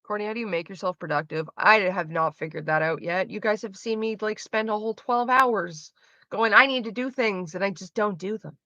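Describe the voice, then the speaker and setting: A woman's voice: mid-range voice, fairly quick, bright, forceful tone, dry recording, dull audio. A woman livestreaming, answering her chat in a frank, chatty way and swearing freely. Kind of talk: casual chat.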